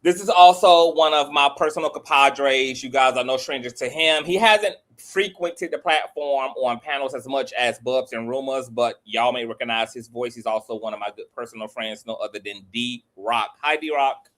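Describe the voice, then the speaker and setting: Animated, sassy male host. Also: moderate pace, hardly any pauses. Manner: animated, sassy, pitch leaps up when excited. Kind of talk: casual panel chat.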